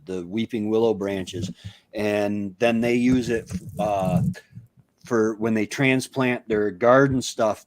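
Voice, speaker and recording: Relaxed man telling stories, dry sound. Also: fairly low pitch, no echo. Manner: relaxed storyteller who laughs at his own anecdotes. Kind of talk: casual chat.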